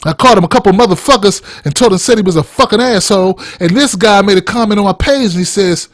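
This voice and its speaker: A man with a fairly high voice rants as a podcast host, heated and blunt, with constant swearing. The sound is dry and close, with no room around him. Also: fast talker, few pauses, no echo. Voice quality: blunt, heated, heavy cursing. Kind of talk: profane opinion rant.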